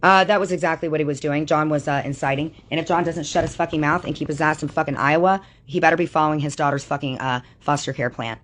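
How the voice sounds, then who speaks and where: A woman's voice: low voice, steady tone, fast talker, few pauses. A woman on a livestream delivering an angry, profanity-laden rant that calls people out. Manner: furious, swearing constantly, calling people out.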